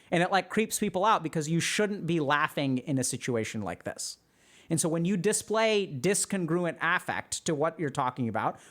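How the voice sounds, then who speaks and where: Animated man explaining on a livestream. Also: fairly high pitch. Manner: animated, conversational, frequent fillers. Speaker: streamer and psychiatry educator.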